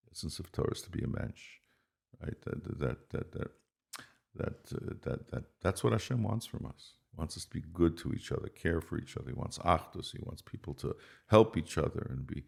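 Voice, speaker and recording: A man's voice: low voice, animated, fairly quick, creaky, darkish tone, slightly rough. An older man from Queens, New York, speaking as a guest in a casual interview. He is reflective and repeats words while searching for them. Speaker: guest, musician and composer.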